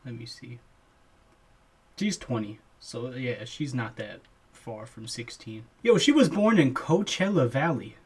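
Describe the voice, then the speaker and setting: Husky young man in casual podcast chat. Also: mid-range voice, animated, unhurried. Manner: laid-back, laughs often, says "bro" a lot. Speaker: podcast co-host.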